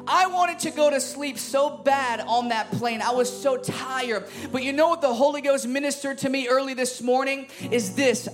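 A man with a very high voice preaches a fervent sermon in a church. He is emphatic and keeps calling out to the congregation. Music plays clearly behind him. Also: moderate pace, few pauses. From Chicago. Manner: fervent and emphatic, calls out to the crowd. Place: church service.

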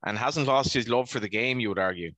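A man's voice: medium pitch, fast, fairly bright tone, dry recording, muffled recording. A man co-hosting a podcast, teasing and jokey in casual chat. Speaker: podcast co-host.

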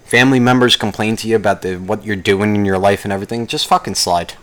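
A young male vlogger rants casually to the camera, talking fast with fairly even intonation. He's profane and rambling, and he keeps breaking into mocking, high-pitched impressions.

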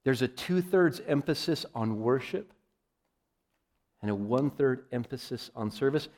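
A man preaching a sermon, emphatic, often calling his listeners "folks" and swinging from loud declarations to quiet, low asides. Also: lively intonation, a little slow. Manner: emphatic, varies loudness widely, addresses listeners as folks.

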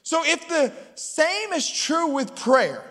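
A man's voice: very high voice, very animated, takes it slowly, fairly bright tone. A man preaching a sermon in a chatty, storytelling way, often asking the crowd if they follow him. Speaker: pastor. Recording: long hall reverb.

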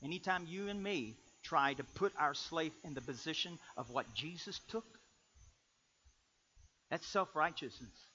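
Forceful, bright-voiced preacher man. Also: a little high, animated, measured pace, slightly rough. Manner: dynamic preaching, swinging from loud bursts to quiet asides. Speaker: pastor. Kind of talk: sermon. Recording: dull lo-fi recording.

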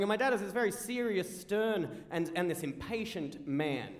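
A young Australian man telling an animated stand-up story on stage, raising his voice at the punchlines. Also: sits high, brisk. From rural South Australia. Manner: animated, rising to shouts at punchlines. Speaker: stand-up comedian. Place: live comedy venue. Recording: roomy live venue.

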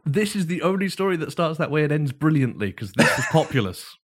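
A man's voice: fairly high pitch, big pitch swings, a little fast. A man co-hosting a podcast, telling the story in a casual chat and often laughing as he goes. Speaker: podcast co-host.

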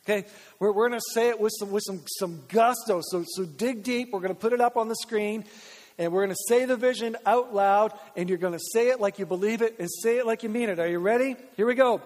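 A man preaching as a pastor, energetic and repetitive as he urges the congregation on. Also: sits high, fast talker. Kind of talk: sermon. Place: large church sanctuary. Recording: long reverb of a church hall.

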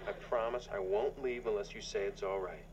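An actor playing a cheerful, eager dad who talks gently and a little corny to small children, from a sitcom clip. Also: male voice, on the low side, a little fast, lo-fi sound, natural voice. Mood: gentle. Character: cheerful, eager single dad and talk-show host. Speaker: father at a preschool. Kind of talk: sitcom acting. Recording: sitcom clip with background noise.

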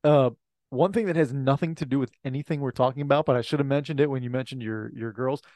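A man co-hosting a casual podcast, chatting in an easygoing way with quick asides. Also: medium pitch, darkish tone, no echo. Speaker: podcast co-host. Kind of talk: casual chat.

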